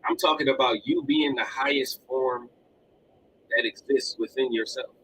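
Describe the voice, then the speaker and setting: Speaking at medium pitch and normal speed, a man who has children hosts a motivational live-stream podcast, animated and energetic and repeating himself for emphasis. Collectibles line the home room behind him, and the rough recording carries a little hiss or hum.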